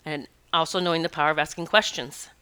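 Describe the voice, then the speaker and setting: A woman tells a personal story in a loose, earnest way, often stopping to correct herself. Her voice is bright and tense at the edges, smooth and crisp. She speaks as an animal communicator and Reiki practitioner. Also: low-pitched, fairly even intonation, quick pace. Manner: rambling, self-correcting, earnest.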